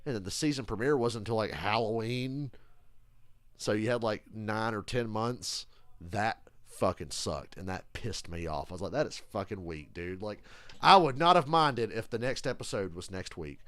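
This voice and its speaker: A man talking on a live stream, his pitch bouncing all over as he rants and swears freely. The sound is dry and close, with no room echo. He tells stories loosely and with a lot of energy. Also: normal speed. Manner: animated, profane, ranting storyteller. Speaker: streamer reacting live to a football game. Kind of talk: casual live-stream chat.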